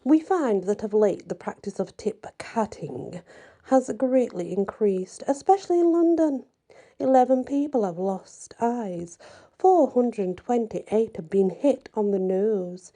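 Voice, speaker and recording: A woman's voice: mid-range voice, expressive, a little slow, mellow. A woman voicing a pompous cat-like male committee chairman creature, reciting figures in an officious way.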